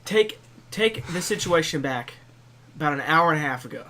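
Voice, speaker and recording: A man's voice: fairly high pitch, lively intonation, moderate pace, pushed and bright, slight background noise. A man co-hosting a casual podcast chat with friends, exasperated and teasing, often laughing. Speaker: podcast co-host.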